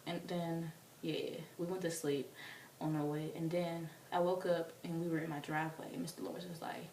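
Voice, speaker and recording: A young woman telling a story to camera in a casual, animated way, acting out quotes in squealing voices. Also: low voice, moderate pace, distant mic. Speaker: vlogger. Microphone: camera mic from a distance. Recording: roomy, off-mic, faint hiss.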